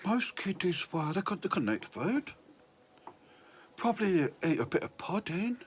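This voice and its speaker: A man's voice: high-pitched, big pitch swings, a little slow, slight background noise. A man telling a rambling, self-mocking story about his childhood. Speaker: comedian. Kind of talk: confessional storytelling.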